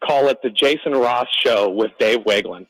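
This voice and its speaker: A man's voice: medium pitch, normal speed, a bit bright, husky, no echo, rough recording. A man calling into a radio show, teasing the host in a playful, casual way. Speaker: caller. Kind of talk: casual call-in chat.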